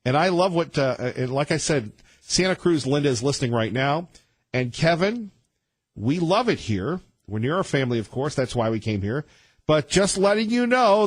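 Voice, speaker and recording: Emphatic, husky-voiced male radio host. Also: a little high, no echo. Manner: emphatic, rambling, with many restarts. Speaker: radio talk show host. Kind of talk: talk radio monologue.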